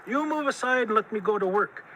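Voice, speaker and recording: A stubborn trickster coyote talks back in a cocky, bossy tone, as a man puts him on. His voice sits high and very bright. Faint noise is behind it. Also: expressive, a little fast, low-quality recording.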